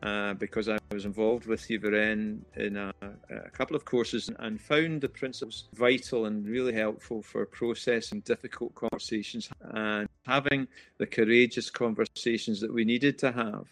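A man's voice: fairly low pitch, steady tone, moderate pace, hardly any pauses. A man hosting a church-related interview podcast, speaking with repeated restarts. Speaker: podcast host, church minister.

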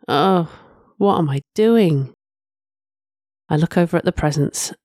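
A woman reads a first-person story aloud in a soft, reflective way, often sighing between lines. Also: on the low side, takes it slowly, no room sound, studio quality. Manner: soft, reflective, with frequent sighs. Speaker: narrator.

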